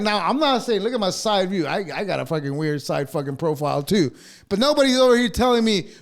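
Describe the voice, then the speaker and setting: Dude with a super high voice ranting on a podcast, swears nonstop, gets heated. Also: male voice, very animated, normal speed. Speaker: podcast co-host. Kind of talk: casual podcast rant.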